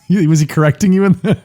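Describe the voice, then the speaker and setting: A man's voice: high-pitched, mellow. A man co-hosting a podcast in casual chat, making jokes and chuckling through his remarks. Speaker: podcast co-host.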